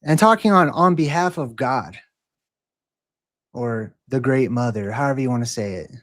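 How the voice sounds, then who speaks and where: A man's voice: medium pitch, moderate pace, fairly bright tone. A man hosting a livestream, talking casually and mockingly challenging a troll in the chat. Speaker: livestream host.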